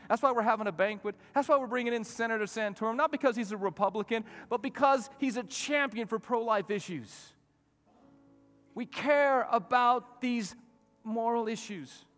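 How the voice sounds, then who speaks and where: A male pastor preaching a sermon, swinging from loud, emphatic peaks down to soft, quiet asides. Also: very high voice, moderate pace, soft background music. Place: church sanctuary. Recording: long reverb of a church hall.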